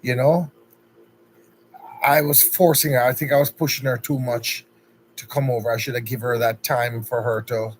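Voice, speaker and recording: A man with a Jamaican accent hosts a casual livestream, chatty and upbeat, greeting viewers one by one by name. His mid-range voice has fairly even intonation and a moderate pace, on a low-quality recording with a little hiss or hum.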